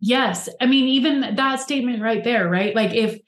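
A woman's voice: a little high, normal speed. A woman co-hosting a casual chat, talking reflectively with many fillers. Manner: chatty, filler-heavy, reflective. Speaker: podcast co-host. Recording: roomy echo.

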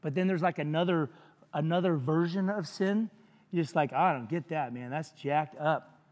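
A man's voice: a little high, big-room sound. A man preaching a sermon as pastor, conversational and jokey, with frequent asides to the congregation.

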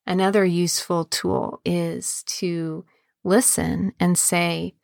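A woman podcast host and embodiment coach, speaking in a calm, measured way and slowing down on key words. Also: fairly low pitch, gravelly, no echo, studio quality. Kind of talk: podcast monologue.

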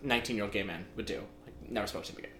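A man in his twenties, co-hosting a podcast, telling a story in a lively way with lots of laughter. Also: on the low side, rapid-fire, over a noisy crowd. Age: 20s. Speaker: podcast co-host. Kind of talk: casual storytelling chat. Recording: echoey room, faint background noise.

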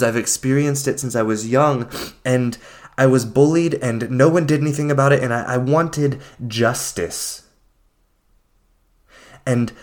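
A man hosting a podcast, talking without a script in an earnest, emphatic way and calling his listeners friends. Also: medium pitch. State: getting emotional. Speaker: podcast host. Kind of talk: unscripted heartfelt monologue.

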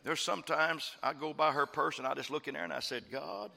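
Gravelly bright-voiced preacher in a reverberant hall. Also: male voice, fairly high pitch, fairly even intonation, fast. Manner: fervent preaching, repeats phrases, swings from quiet asides to shouted praise. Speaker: pastor. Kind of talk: sermon. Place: church.

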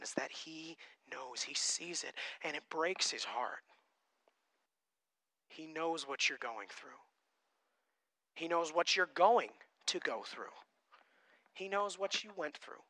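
A man preaching a sermon and reading scripture, emphatic, swinging between loud passages and quiet ones. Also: a little high, no echo. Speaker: pastor.

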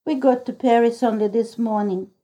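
A woman reader voicing an eager young boy who asks imploring, excited questions in a storybook reading. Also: fairly high pitch, moderate pace, natural voice. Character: eager young boy searching for his family.

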